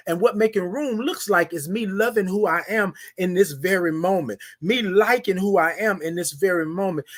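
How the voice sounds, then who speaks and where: A man hosting a morning show, giving a motivational talk in a slangy, preachy manner, calling out listeners by name and repeating phrases for emphasis. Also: high voice. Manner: preachy, hype, talks straight to listeners by name; slangy, informal.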